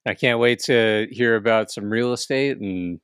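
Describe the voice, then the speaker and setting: A man co-hosting a podcast in relaxed, casual chat, often laughing. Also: medium pitch, moderate pace, clean tone, no echo, clean studio sound. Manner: laid-back, laughs easily. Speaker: podcast co-host.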